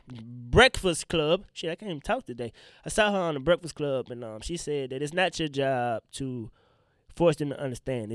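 On his own podcast, a young comedian with a higher-pitched, clean-toned voice goes off on a rambling rant full of blunt profanity. He's a little congested and unwell from pollen. The sound is studio quality with no echo.

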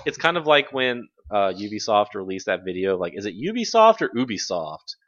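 A man hosting a casual gaming podcast, animated and jokey, swearing freely as he talks. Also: fairly low pitch, a little fast. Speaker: podcast host. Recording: lo-fi audio.

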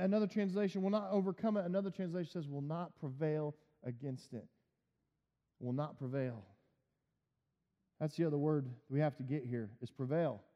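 A man preaching a sermon, explaining a scripture verse step by step and building to emphatic high points. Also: normal speed, warm tone. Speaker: pastor. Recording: long reverb, dull lo-fi sound.

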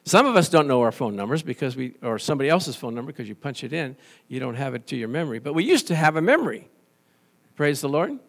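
A man preaching a sermon as pastor, animated and conversational, telling stories and restarting phrases. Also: medium pitch, fast.

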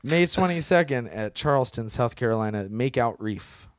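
A man guesting on a casual podcast, talking about his band's tour in a laid-back, halting way with lots of fillers. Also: medium pitch, lively intonation. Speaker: touring band member, guest. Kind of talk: casual chat.

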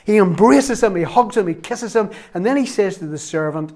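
A male pastor delivers a sermon in a somewhat high-pitched voice. He speaks with emphasis and circles back to repeat his key phrases for weight. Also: expressive, normal speed, hardly any pauses, a little mellow. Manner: emphatic preaching with repetition.

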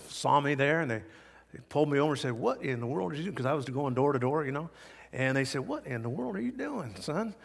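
A middle-aged male pastor delivers a sermon in a somewhat high voice, hammering key words through repetition. He slips into folksy personal stories, and his voice rings out with a long hall reverb. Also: fairly bright tone. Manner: emphatic, repeats key words for effect.

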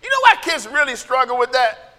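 High-voiced animated male preacher in a hall. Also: fairly quick. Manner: playful, emphatic, often shouting for emphasis. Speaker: Bible teacher. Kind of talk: animated sermon with acted-out quotes.

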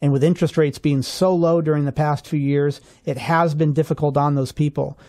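A man co-hosting a radio finance show, explaining rules step by step in a steady, clear way. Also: a little high, a little fast. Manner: steady explanatory, walks through examples step by step. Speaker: financial advisor co-host.

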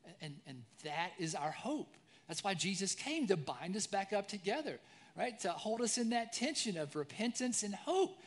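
A man in his forties preaching a sermon as pastor, conversational, often tagging "right?", shifting between lively storytelling and soft reflection. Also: high-pitched, moderate pace. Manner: conversational, frequent "right?" tag questions.

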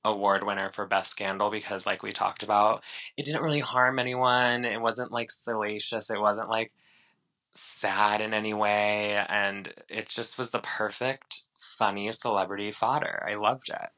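A man's voice: lowish voice, fairly even intonation, normal speed, bright, forceful tone. A man co-hosting a podcast in casual chat, rambling with lots of fillers and restarts. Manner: chatty, rambling with many fillers. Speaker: podcast co-host.

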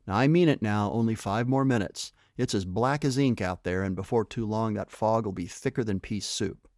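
A motherly older woman, now a monkey, brisk and a little scolding as she herds the children, as a man puts her on. The voice stays close to the narrator's own, low and dry, with a fussing storybook tone. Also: a little mellow, dry recording, lightly acted. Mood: firm.

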